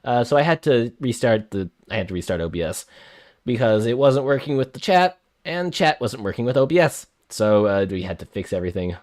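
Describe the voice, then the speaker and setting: A man's voice: mid-range voice, expressive, a little fast, a little mellow. A man streaming a story game live, chatting to viewers and reading the narration aloud, flustered and prone to repeating himself. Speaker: streamer playing a visual novel.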